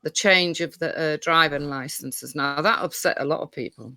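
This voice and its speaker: A woman's voice: sits low, moderate pace, sharp tone, slight background noise. A woman on a live online panel debate, talking insistently with lots of restarts and rambling asides.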